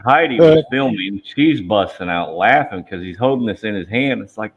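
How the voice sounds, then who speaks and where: Deep-voiced man in casual hobby chat. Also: expressive, normal speed. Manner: joking, prank stories. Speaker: hobby channel host. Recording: slightly muffled, faint background hiss.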